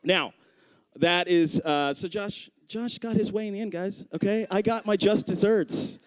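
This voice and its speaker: A thirtysomething stand-up comic performs live storytelling at a club with a handheld mic, voicing the people he quotes through big pitch leaps. He speaks a little slowly, with a clear, resonant tone and no echo.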